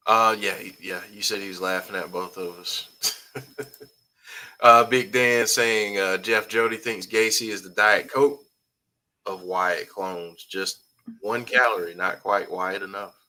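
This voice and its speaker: A man's voice: lowish voice, fairly even intonation, measured pace, pushed and bright, poor audio. A man hosting a casual live-stream talk show, reading viewer comments aloud in an easygoing way. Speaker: host.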